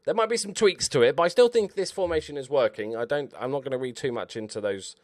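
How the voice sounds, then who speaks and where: A man commentating over his own football management game, excitable and swearing at his players. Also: mid-range voice, fast, no room sound, clean studio sound. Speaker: gaming YouTuber. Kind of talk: Let's Play commentary.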